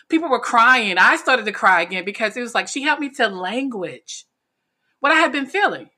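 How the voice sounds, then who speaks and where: A middle-aged woman from North Carolina, a coach being interviewed, telling her story in a lively way with frequent laughter and acted-out quotes. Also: a little high, a little fast. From North Carolina, USA. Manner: animated, laughs often, acts out quoted lines. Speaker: podcast guest, speaker and coach.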